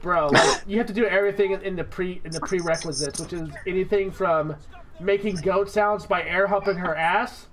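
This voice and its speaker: A man co-hosting a podcast, joking rowdily and acting out loud mocking voices in casual banter. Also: sits high, steady tone, normal speed, heavy background noise. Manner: rowdy, laughing, does loud mocking voices. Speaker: podcast co-host.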